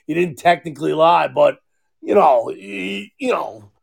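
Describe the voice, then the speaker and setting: A man, a podcast host and father, telling profane, animated stories in casual chat with lots of fillers. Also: on the high side, unhurried, vocal fry, slightly rough.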